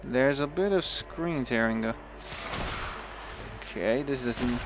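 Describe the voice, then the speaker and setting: Against a noisy background, a young Dutch-accented let's play gamer from the Netherlands speaks slowly in a medium-pitched voice. He chats casually as he plays, musing aloud, restarting thoughts, and muttering to himself.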